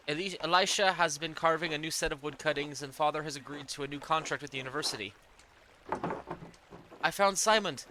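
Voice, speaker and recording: Gentle young letter-writer read by a male gamer, slightly higher voice, noisy recording. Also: natural voice. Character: earnest young woman writing a kind letter.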